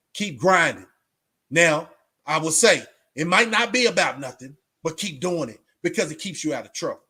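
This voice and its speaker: A man's voice: a little high, bright, forceful tone, slightly rough. Emphatic man preaching straight talk. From Texas. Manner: preachy, emphatic, repeats himself. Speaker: vlogger. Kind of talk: casual straight-talk monologue.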